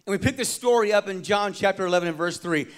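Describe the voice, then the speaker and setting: A high-voiced male pastor preaches a sermon at a quick pace, in a dramatic style. He swings between loud, emphatic lines and quiet, hushed ones, calling out for responses from the congregation.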